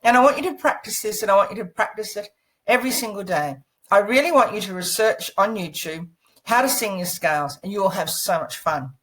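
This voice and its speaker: A woman speaks in a mid-pitched voice as she presents a course lesson, telling a personal story with lively energy. She coaches and encourages the listener directly. She is seated indoors and recorded on a laptop microphone. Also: brisk, rough recording.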